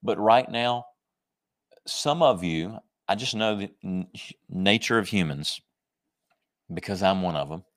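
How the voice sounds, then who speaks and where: A man preaching a sermon, emphatic and conversational, slowing down to stress scripture verses and joking with his listeners. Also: fairly low pitch, a bit bright. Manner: jokes and laughs with the congregation.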